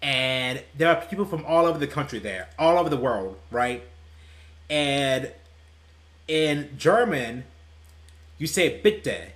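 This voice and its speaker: A man's voice: medium pitch, expressive, takes it slowly, pauses often, a bit bright. A young man and gaming YouTuber telling stories casually, rambling and laughing at his own tales, with faint music behind him. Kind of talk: casual storytelling while playing.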